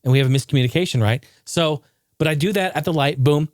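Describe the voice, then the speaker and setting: A man's voice: on the high side, quick pace, no room sound, clean studio sound. A man hosting a podcast, talking in a casual, profane rant. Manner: profane, ranting, animated. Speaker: podcast host. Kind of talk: casual ranting monologue.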